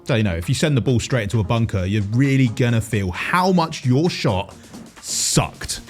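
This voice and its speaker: A man presents game news from a script, breaking in with playful jokes and asides. His voice sits at a mid pitch but moves in a very animated way. Faint music runs behind him. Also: moderate pace. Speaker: co-host of a gaming news show.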